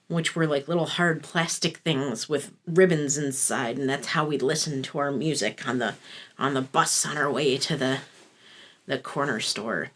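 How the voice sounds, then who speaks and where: A rumbling low voice at normal speed belongs to a fashion vlogger in her thirties. She chats candidly through a casual review vlog, rambling and putting herself down, with plenty of swearing.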